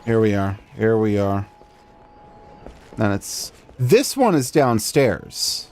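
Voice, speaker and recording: A man's voice: fairly low pitch, very animated, slow pace, darkish tone, a little hiss or hum. A man streaming a game, thinking aloud in a chatty, self-deprecating way. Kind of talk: casual gameplay commentary.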